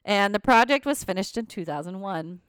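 Casual podcast co-host, woman, expressive storyteller with a bouncing pitch, dry sound. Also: normal speed, smooth, no room sound. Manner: animated, laughs often, reads facts with asides. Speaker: podcast co-host telling ghost stories.

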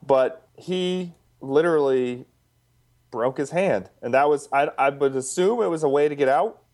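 A man's voice: fairly high pitch, moderate pace, darkish tone. A young man, a podcast guest, telling a rambling, incredulous story from his training class. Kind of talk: casual podcast chat.

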